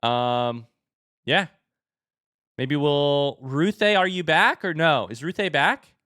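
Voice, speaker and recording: A young man live-streaming as he opens card packs and chats with viewers, turning excitable and hyping each reveal. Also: slow, no room sound, clean studio sound. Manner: excitable, bursts into high shouts; hype commentary.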